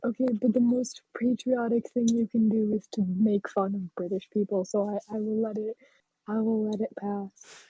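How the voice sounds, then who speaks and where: Teasing young woman, husky and muffled. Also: medium pitch, little pitch movement, moderate pace, warm tone, no room sound. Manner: teasing, playful. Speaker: podcast co-host. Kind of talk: casual chat. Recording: dull lo-fi mic.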